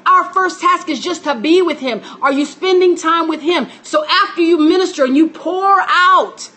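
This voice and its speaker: Female preacher, high-pitched, emphatic teaching sermon. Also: normal speed, bright, forceful tone. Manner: emphatic, repetitive, greets listeners by name. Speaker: minister teaching a class.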